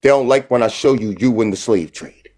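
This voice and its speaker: A man's voice: mid-range voice, fairly quick, darkish tone. Confrontational man on a live stream. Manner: confrontational, mocking, repeats phrases. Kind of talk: heated live-stream argument.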